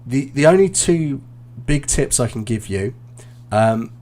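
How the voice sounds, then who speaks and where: A British man, an IELTS teacher, giving relaxed, explanatory feedback in a live online class, with plenty of ums and uhs. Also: medium pitch, measured pace.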